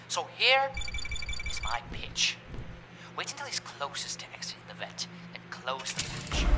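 A man voicing a condescending male engineer who leaves a recorded message for a rival in a horror game, explaining what to do. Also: a little high. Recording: loud background noise.

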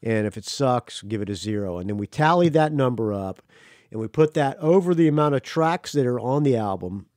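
A man's voice: mid-range voice, expressive, a little fast, a little mellow, no room sound. Male podcast host, casual and teasing, rambling; mid voice, dry close sound. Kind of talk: casual chat.

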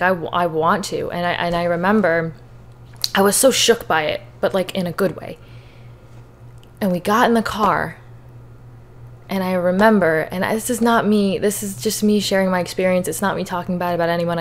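A woman's voice: on the low side, normal speed. A young woman hosting a podcast, candidly telling her personal faith testimony, emotional and on the verge of tears. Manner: candid, earnest, emotional at times. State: tearful. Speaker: podcast host.

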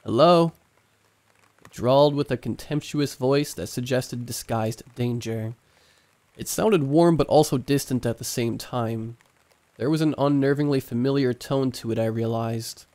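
A man narrating a scripted horror story in a hushed, suspenseful way. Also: mid-range voice, fairly even intonation, moderate pace.

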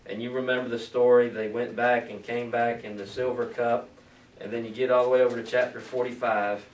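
Reading a passage of scripture and then talking through it casually, this Bible teacher speaks briskly at a medium pitch with a flat delivery. The room echoes, the microphone sits far off, and there's a faint hum of background noise.

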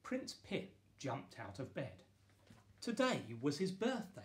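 A man, the author, reading his children's picture book aloud in a playful, lively way with bursts of excited exclamations. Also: a little high, slow. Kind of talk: children's storybook read-aloud.

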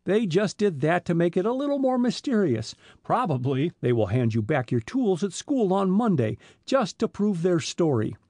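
A man reading the part of a genial, self-assured middle-aged detective father with a measured delivery. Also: high voice, sing-song, a little mellow, no room sound, voice pushed up. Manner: measured, amused then businesslike.

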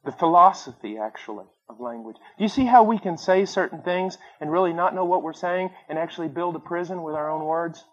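A man preaching a sermon, telling stories with acted-out voices and swinging between loud bursts and quiet asides. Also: on the high side, brisk, hardly any pauses. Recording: dull lo-fi sermon recording.

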